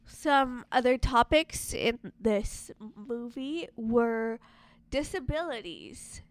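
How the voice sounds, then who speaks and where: A woman's voice: on the high side, expressive, takes it slowly, dry recording. A young woman casually discussing a movie, chatty and full of filler words.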